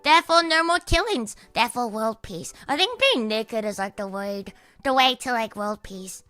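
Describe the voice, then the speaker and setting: A woman's voice: fairly high pitch, lively intonation, moderate pace, bright, forceful tone, clear, resonant tone. A young woman chatting casually on her livestream, rambling, swearing, with many fillers. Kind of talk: casual stream chat.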